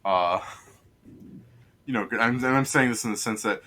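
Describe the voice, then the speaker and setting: A young man runs a tabletop game in a bright, clear voice. He rambles through his narration, stacking fillers and quick asides. His pitch sits in a middling range. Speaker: game master.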